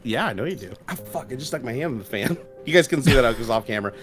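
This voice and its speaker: A man's voice: mid-range voice, lively intonation, rapid-fire, a bit bright, soft background music. A middle-aged man on a casual livestream, telling stories in a loose, profane way and laughing often. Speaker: streamer co-host.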